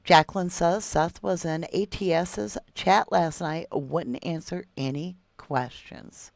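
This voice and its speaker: A middle-aged woman with a drawl talks in a low, gravelly voice. She reads viewer comments aloud on a livestream and answers them with folksy endearments. The mic is close and dry. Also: takes it slowly, darkish tone, dry recording. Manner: chatty, calls viewers love and sweetheart. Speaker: true crime livestream host. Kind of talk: casual livestream chat reading viewer comments.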